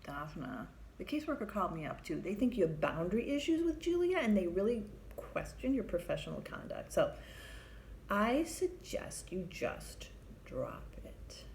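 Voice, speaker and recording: A woman quoting her weary, stern male supervisor in a flat, dismissive way. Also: mid-range voice, brisk, hardly any pauses, a little hiss or hum, low-quality recording.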